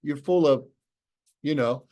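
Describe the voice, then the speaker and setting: A man's voice: on the high side, takes it slowly, warm tone. A man giving a motivational talk to an audience over a video call, telling a story and acting out both sides of remembered conversations. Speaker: business opportunity presenter.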